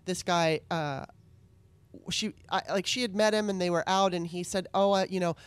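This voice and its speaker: A woman in a casual chat, talking in an animated, agreeable, conversational way. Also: on the low side, moderate pace, smooth, no room sound.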